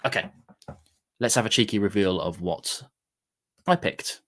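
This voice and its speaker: A man's voice: on the low side, a little slow, a bit bright. A man hosting a casual whisky livestream, chatting in a rambling way with lots of fillers and restarts. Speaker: whisky show host.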